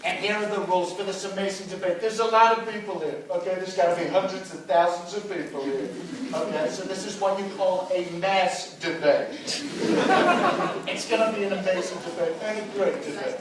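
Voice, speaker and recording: A blustering, self-praising older American politician, as a comedian MC puts him on, in a put-on American accent that sits high for a man. He brags and hammers every point with "okay?". The voice rings through a very echoey lecture hall, caught by a distant mic. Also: a little fast, a little hiss or hum, close to an everyday voice. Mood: boastful. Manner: bragging, repeats "okay?" and "let me tell you". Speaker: MC of a student debate. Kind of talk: stand-up impression.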